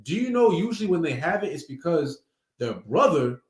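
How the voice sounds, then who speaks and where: Male preacher, conversational slangy delivery, animated, echoey room. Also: on the high side, moderate pace. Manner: casual street slang, conversational. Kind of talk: sermon teaching.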